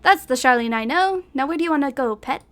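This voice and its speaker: Girl putting on a chill geordie guy, big and friendly, says pet a lot, kinda high voice. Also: expressive, fast talker, fairly bright tone, soft background music. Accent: Geordie, attempted. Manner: easygoing, calls people "pet". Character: friendly heavyset young Geordie man.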